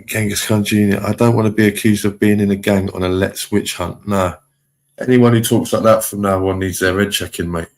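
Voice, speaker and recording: A man, chatting casually on a live stream, reading viewer comments aloud and giving relaxed shout-outs. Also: fairly low pitch, brisk.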